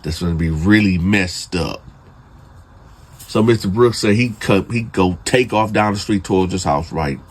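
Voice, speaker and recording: A man's voice: deep voice, moderate pace, slightly rough. A man telling a true prison story in casual, slangy talk, speaking straight to his listeners and building suspense. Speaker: storyteller host.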